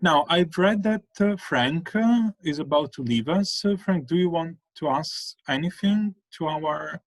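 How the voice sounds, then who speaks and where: A man's voice: fairly high pitch, animated, unhurried. A man moderating an online academic panel over a video call, hesitant and full of fillers.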